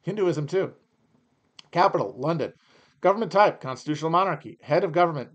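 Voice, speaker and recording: A man's voice: a little high, expressive, brisk, pauses often, dull audio. A man hosting a podcast, riffing in a sarcastic, profane, rambling way while he reads aloud and comments. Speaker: podcast host. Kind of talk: casual comedic commentary.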